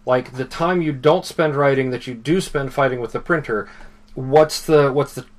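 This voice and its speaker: Male podcast host, relaxed rambling talker, average pitch. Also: normal speed. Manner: rambling, many fillers and restarts. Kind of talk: casual chat.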